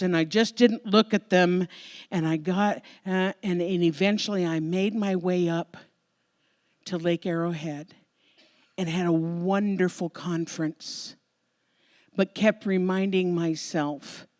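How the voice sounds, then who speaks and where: An American woman minister giving a Sunday sermon, telling a personal story in a conversational, emotional, expressive way before a congregation. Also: lowish voice, a little slow. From United States. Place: church sanctuary before a congregation.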